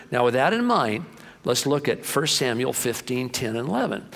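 Male pastor, mid-pitched, animated storyteller preaching in a church with a long reverb. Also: normal speed, creaky. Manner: storytelling, animated, acts out voices. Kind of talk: sermon. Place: church sanctuary.

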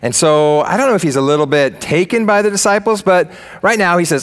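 A man preaching a sermon as pastor, swinging between loud emphatic lines and low quiet ones, with casual slang. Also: expressive, brisk.

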